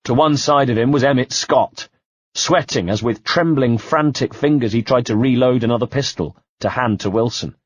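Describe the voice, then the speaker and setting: A man narrating an audiobook in the first person, measured and quietly tense. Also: medium pitch, slightly rough, no echo. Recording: dull dry home-studio sound.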